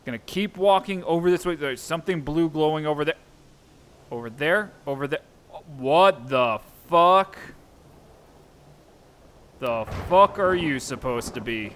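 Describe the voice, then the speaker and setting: A man's voice: on the high side, lively intonation, a little slow, long pauses, fairly bright tone. Jumpy, swearing young man playing a game. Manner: jumpy, swears often, self-mocking. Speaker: gameplay streamer. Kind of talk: let's-play commentary.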